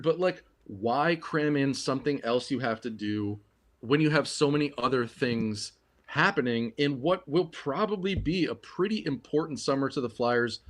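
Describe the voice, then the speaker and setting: A man hosting a casual sports podcast livestream, thinking aloud with lots of ums and restarts. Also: mid-range voice. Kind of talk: casual hockey podcast chat.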